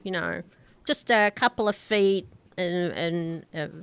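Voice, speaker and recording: A woman narrating a tabletop game as game master, describing scenes slowly with halting fillers. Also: lowish voice, fairly bright tone, clear, resonant tone, no echo.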